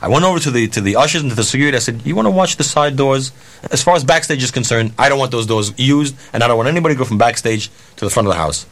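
Animated profane man telling a story. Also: mid-range voice, rapid-fire. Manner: animated, profane, acts out dialogue. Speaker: concert promoter. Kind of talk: storytelling anecdote.

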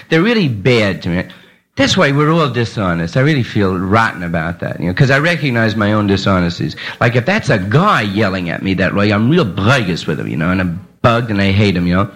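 A man's voice: medium pitch, fairly bright tone, slight background noise, rough recording. A man doing stand-up in a club, rambling, confessional and riffing with the crowd. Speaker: stand-up comedian. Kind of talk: live stand-up comedy. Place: nightclub stage with audience.

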